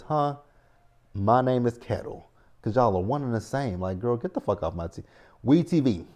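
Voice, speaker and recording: A man's voice: fairly low pitch, warm tone. A man hosting a reality TV recap, talking bluntly and profanely in an exasperated, ranting way. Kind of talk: casual recap commentary.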